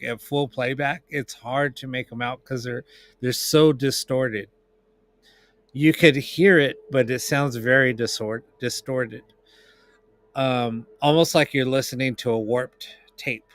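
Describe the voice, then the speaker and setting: A man's voice: mid-range voice, a bit bright, dry recording. A man explaining paranormal audio apps on a live stream, rambling with many restarts and fillers. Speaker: paranormal investigator. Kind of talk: casual live-stream chat.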